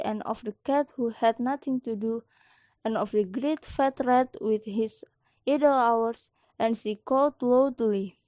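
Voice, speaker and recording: A woman reading a children's story aloud in a gentle, expressive way. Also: fairly high pitch, no echo.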